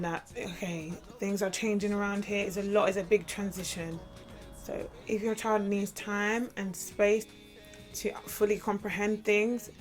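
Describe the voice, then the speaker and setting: A woman giving step-parenting tips to camera, emphatic and repeating her points for stress. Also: medium pitch. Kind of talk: casual advice talk to camera.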